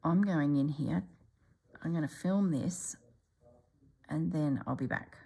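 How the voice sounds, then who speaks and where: A middle-aged woman, chatting casually as she stitches for her channel and often dropping to a soft whisper. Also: low-pitched, takes it slowly, gravelly, husky. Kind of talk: casual stitching vlog chat.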